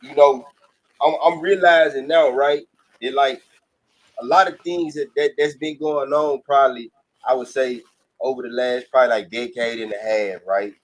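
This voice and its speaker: A man's voice: mid-range voice, steady tone, normal speed. A man, co-hosting a podcast in loose, profane, emphatic casual chat that circles back on itself. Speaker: podcast co-host.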